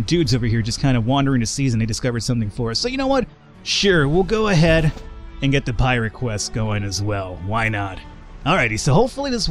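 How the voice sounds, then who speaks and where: A man giving let's play commentary as a channel host, excitable and profane, joking and laughing often, a little tipsy and slurring. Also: medium pitch.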